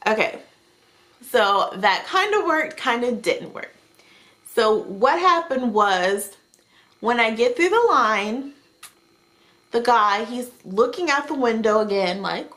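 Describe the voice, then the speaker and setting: A young adult woman vlogger telling a story in a casual, animated, chatty way. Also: fairly high pitch, slow, pauses often. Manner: animated, chatty retelling with frequent "like".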